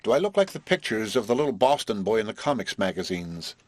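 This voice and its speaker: A man reading the part of a formal, earnest young male prodigy who lectures and bristles, in a husky voice. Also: lowish voice, very animated, fast, dry recording. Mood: indignant.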